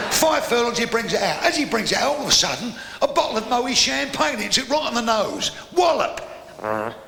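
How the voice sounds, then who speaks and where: A man telling quick-fire jokes as a stand-up comedian, doing little voices for his characters. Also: high-pitched, creaky, pushed and bright, slight background noise. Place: pub venue with live audience. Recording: echoey live pub recording with crowd.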